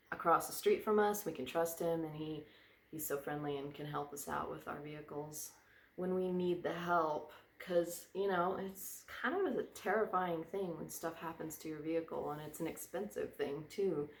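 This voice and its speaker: A woman's voice: low voice, echoey room. A woman vlogger chatting casually, rambling and drifting onto tangents. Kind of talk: casual chat. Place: indoor room by a fireplace.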